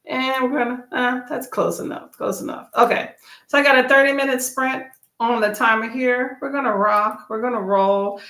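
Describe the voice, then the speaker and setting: Female livestream host, chatty and upbeat, slightly high voice, echoey room. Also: pushed and bright. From Texas, USA. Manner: chatty, upbeat, reads viewer comments aloud. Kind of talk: casual live chat during reading sprints.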